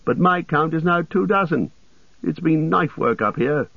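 A man's voice: fairly high pitch, a little slow, vocal fry, no echo, pitched above the performer's own voice. A man voicing a proud, competitive male elf archer in a light, cool manner, over a tinny radio-like sound.

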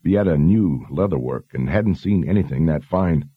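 A man narrating a fantasy novel in a measured, even storytelling manner. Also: extremely low pitch, breathy edge, no echo, narrow, tinny audio. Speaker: audiobook narrator.

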